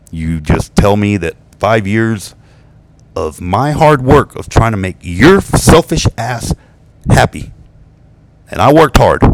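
Gravelly deep-voiced man ranting. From United States. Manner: swearing, laughing at his own jokes, rambling. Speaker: vlogger venting about exes. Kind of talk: rambling profane monologue.

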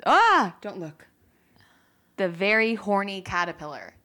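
Young woman co-host, bright-toned, lively, laughs a lot, casual and profane. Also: medium pitch, unhurried. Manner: animated, laughing, swearing. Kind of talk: casual podcast chat.

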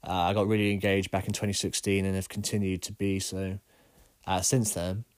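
A man hosting a solo podcast, talking in a monotonous, rambling way with many ums, his voice congested. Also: sits low, fairly quick, clean tone, dry recording. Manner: rambling, frequent ums and uhs. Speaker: podcast host. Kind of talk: casual solo podcast monologue.

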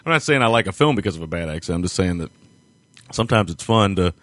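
Male podcast co-host, low-ish pitch, dry close sound, hesitant rambling chat. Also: expressive, quick pace, fairly bright tone, dry recording. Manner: rambling, hesitant, laughs often. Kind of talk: casual chat.

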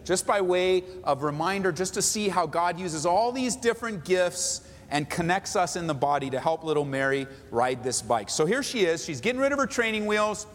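A man, a pastor, preaching an animated, emphatic sermon in a church hall. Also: sits high, normal speed, few pauses. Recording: echoey hall, faint noise.

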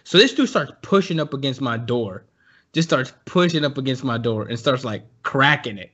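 A man's voice: medium pitch, moderate pace, highs cut off. A young man casually telling a story with lots of swearing, acting out what people said. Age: young adult. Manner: animated, profane, laughing, acts out voices.

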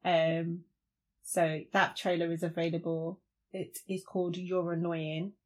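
A woman's voice: fairly low pitch, little pitch movement, a little slow, a little mellow. Giggly woman on a chat podcast. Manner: giggly, informal. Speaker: podcast co-host. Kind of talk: casual chat.

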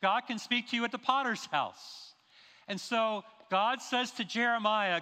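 A man's voice: very high-pitched, unhurried, sharp tone, clear, resonant tone. A man preaching a sermon in a church, stressing his points with rhetorical questions. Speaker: pastor. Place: church sanctuary. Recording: long reverb of a large hall.

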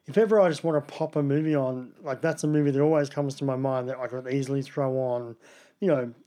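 A man's voice: medium pitch, fairly even intonation, fast talker, mellow. A man hosting a podcast, chatting casually and laughing often. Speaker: podcast host. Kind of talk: casual chat.

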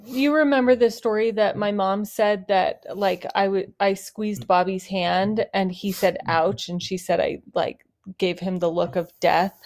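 Co-hosting a relaxed podcast chat with her husband, a wife talks in a medium-pitched, slightly mellow voice at a measured pace, barely pausing and keeping her intonation fairly even. She's earnest and heartfelt, using "like" often.

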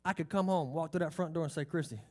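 A man's voice: a little high, fairly even intonation, fast talker, mellow. A man preaching a sermon, emphatic, drawing out key phrases and asking the congregation questions. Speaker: pastor.

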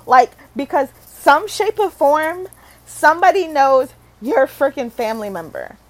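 A woman's voice: high-pitched, animated, unhurried, no echo, poor audio. A young woman from Michigan rambling casually to camera, full of fillers and self-corrections, swearing and laughing at herself. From Michigan, USA. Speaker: vlogger.

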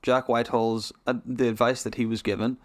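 A man's voice: medium pitch, little pitch movement, a little fast. A young man hosting a podcast in casual chat, with an ordinary mid-range voice. He rambles loosely and keeps restarting his sentences, tripping over himself as he goes. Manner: rambling, restarts a lot, chatty. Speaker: podcast host.

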